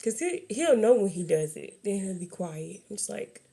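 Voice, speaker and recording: A woman's voice: mid-range voice, very animated, moderate pace, gravelly, dark tone. A young adult woman vlogger chatting candidly and rambling, laughing often as she talks. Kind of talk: casual chat.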